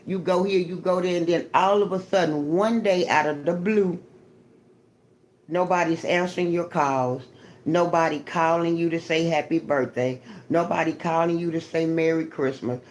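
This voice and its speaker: A woman's voice: on the low side, steady tone, moderate pace, darkish tone, a little hiss or hum. A woman on a live stream giving an emphatic, profane, preaching testimony and greeting her chat viewers by name. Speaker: livestreamer.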